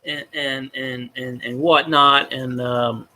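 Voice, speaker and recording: Profane, rambling man, bright voice. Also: medium pitch, flat delivery, slow. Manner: rambling, profane, talks to viewers in chat. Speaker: fan vlogger. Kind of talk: casual livestream chat.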